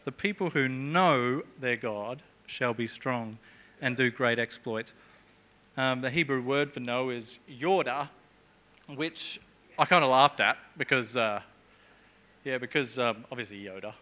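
A man's voice: mid-range voice, unhurried, pushed and bright. A middle-aged man preaching a sermon in a church, chatty and jokey, with humorous asides.

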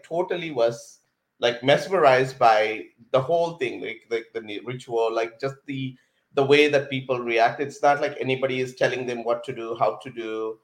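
A man, a podcast guest telling his life story in an animated way, full of fillers and restarts. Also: medium pitch. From India. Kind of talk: personal storytelling in conversation. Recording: roomy echo.

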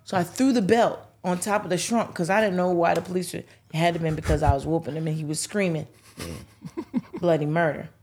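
Lively storytelling woman, husky voice. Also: lowish voice, fairly quick. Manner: animated, acts out voices in her stories. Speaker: guest, host's mother. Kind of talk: casual storytelling.

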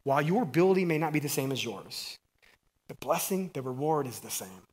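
A middle-aged man delivers a lively, conversational sermon. His voice sits a little high for a man. He punches key words loudly, then drops to near-whispered asides. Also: brisk. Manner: energetic and conversational, swinging from loud emphasis to quiet asides. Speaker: preacher.

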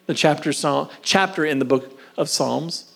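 A man's voice: fairly high pitch, vocal fry. Man preaching a sermon with dramatic dynamics. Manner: dynamic preaching, swings from loud emphasis to soft whispers; slow, drawn-out emphasis on key phrases. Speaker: pastor.

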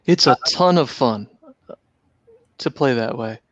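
A man's voice: medium pitch, animated, slow, a bit bright, no echo. A man in casual chat about tabletop gaming, reflective and restarting phrases. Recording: dull, dry lo-fi sound.

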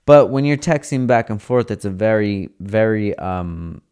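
A man's voice: lowish voice, expressive, a little slow, a little mellow, clear, resonant tone. A young man telling a casual, profane story in slang, acting out the lines of the people in it. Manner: profane, laid-back, slangy, acts out quoted dialogue.

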